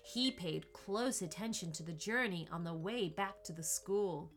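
A woman narrating a children's story with slow, expressive storytelling. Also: on the low side, soft background music.

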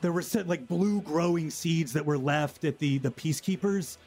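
A man's voice: on the high side, moderate pace, darkish tone, faint music behind, close to an everyday voice. A man voicing a frightened, resentful ordinary townsman who swears and frets a lot. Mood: haunted. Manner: frantic, swearing, then sullen and resentful.

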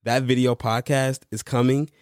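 A man's voice: mid-range voice, flat delivery, normal speed, darkish tone, no echo, studio quality. A man co-hosting a casual podcast with his wife, playful and teasing. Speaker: podcast co-host. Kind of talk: casual chat.

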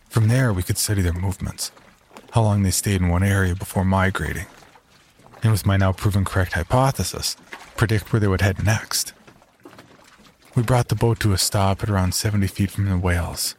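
A man narrating a horror story in the first person, in a calm, measured way. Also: deep voice, noisy background.

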